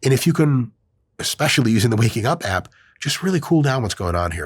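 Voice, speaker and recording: A man's voice: medium pitch, fast talker, slightly rough, dry recording, studio quality. A man hosting a podcast in casual chat, swearing freely and acting out quoted voices. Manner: profane, animated, acts out quoted voices. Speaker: podcast host.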